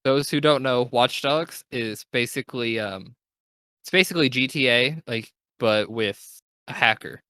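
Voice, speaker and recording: A man's voice: mid-range voice, measured pace, bright, forceful tone, no room sound. A young man hosting a casual gaming podcast, talking in an enthusiastic, rambling way and correcting himself as he goes. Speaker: podcast host.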